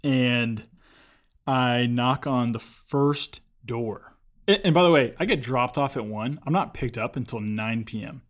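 A man's voice: medium pitch, a little slow. Man chatting, telling a work story. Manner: storytelling, animated when acting out quotes. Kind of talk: casual chat.

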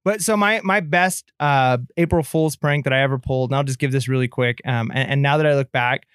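A man's voice: mid-range voice, brisk, a bit bright, clear, resonant tone, dry recording, clean studio sound. A man in his thirties co-hosting a podcast, telling stories in a chatty way with many fillers and restarts. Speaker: podcast co-host. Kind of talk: casual podcast chat.

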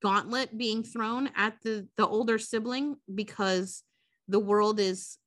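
A woman co-hosting a podcast, recapping a movie in a casual, profane, animated way. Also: mid-range voice, takes it slowly, no echo, clean studio sound. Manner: profane, animated retelling with quoted character voices. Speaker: podcast co-host.

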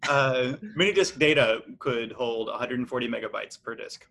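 A man on a podcast panel, dropping quick, dry interjections into the casual chat. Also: mid-range voice, gravelly, sharp tone.

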